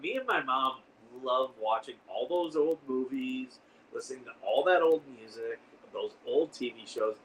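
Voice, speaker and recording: This male livestream host rambles in a chatty, animated way, reading out and answering viewer comments during a casual stream. His mid-range voice is a bit bright and moves at normal speed, but he sits far from the mic, so the audio is poor with faint background noise.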